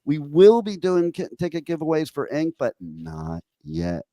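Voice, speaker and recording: A man's voice: on the high side, wildly swooping pitch, a little slow, mellow, no echo. A man hosting a radio show, joking crudely and teasing his co-host. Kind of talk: casual radio banter.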